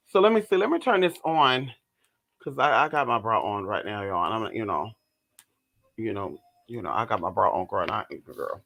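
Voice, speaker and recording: Woman vlogger, casual haul chat, profane, bright voice, swings high and low. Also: poor audio. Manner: chatty, profane, keeps addressing viewers as girl and y'all; squeals high when showing items.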